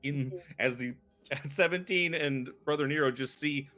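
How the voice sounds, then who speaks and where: A man narrating scenes as dungeon master in a tabletop game, talking in relaxed, rambling descriptions with fillers. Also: on the high side, measured pace, soft background music.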